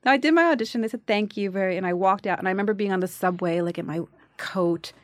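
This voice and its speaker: A woman in her forties tells a story in a relaxed chat. She acts out every quote with lots of energy. Her voice sits in a middle pitch, and the recording is close and dry. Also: fast talker, no echo. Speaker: guest actress. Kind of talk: casual chat.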